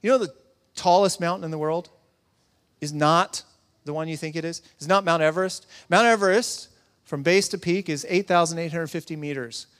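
A man's voice: fairly high pitch, normal speed, fairly bright tone. A man preaching a sermon in a conversational style, with humor and asides to the congregation. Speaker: pastor. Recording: long hall reverb.

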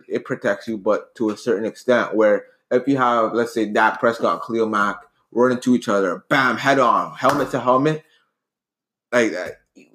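A man's voice: medium pitch, fairly bright tone. Earnest rambling man in a debate. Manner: earnest, rambling, many restarts. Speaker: debate co-host. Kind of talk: casual debate chat.

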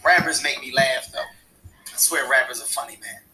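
Male stand-up comic, small light voice, animated delivery with shouted punchlines and acted-out characters. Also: mid-range voice, normal speed, rough recording. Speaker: stand-up comedian. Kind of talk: stand-up comedy routine.

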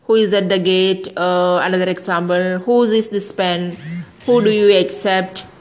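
Slow-speaking woman teaching grammar. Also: on the low side, low-quality recording. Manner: slow, spells words out letter by letter; explains with example sentences. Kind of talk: grammar lesson.

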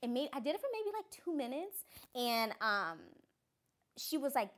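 Bright, animated young woman telling stories. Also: high-pitched, moderate pace. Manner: animated, acts out other people's lines. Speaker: guest author. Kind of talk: casual storytelling.

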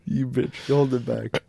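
A man's voice: lowish voice, warm tone, no echo, clean studio sound. A young man co-hosting a podcast, trading casual comedic banter and laughing often. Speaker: podcast co-host.

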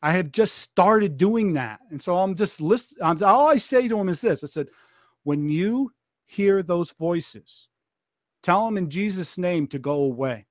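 A man's voice: sits high, animated, unhurried, dry recording, clean studio sound. An American man telling a story on a podcast, acting out the dialogue as he retells it, with frequent restarts and repeated phrases.

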